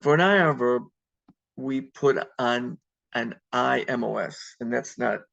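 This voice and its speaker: A man with a gravelly, creaky voice teaches an online class, patient and methodical, with plenty of ums and restarts. The sound is dull and lo-fi, like a laptop mic on a video call. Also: mid-range voice, a little slow, a bit bright. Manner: patient, step-by-step explaining with many ums. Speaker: Spanish teacher. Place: home at computer on video call.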